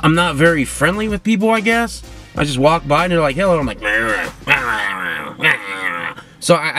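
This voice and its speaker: A man's voice: medium pitch, a bit bright. Rambling, swearing man ranting alone. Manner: rambling, profane, self-mocking. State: drinking. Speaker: podcast host. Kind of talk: casual solo rant. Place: in his car.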